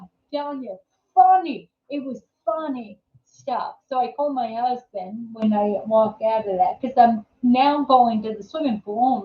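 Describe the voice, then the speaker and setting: A woman hosting a live chat show, telling a story casually with many fillers and restarts, laughing easily. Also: fairly high pitch. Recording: echoey room, dull lo-fi sound.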